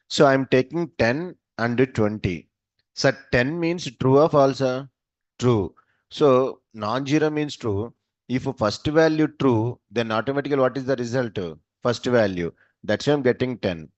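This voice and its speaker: A man's voice: medium pitch, a little mellow, no echo. A male programming teacher, running a class by asking short questions and answering them himself. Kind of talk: live coding class. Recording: dull, dry lo-fi sound.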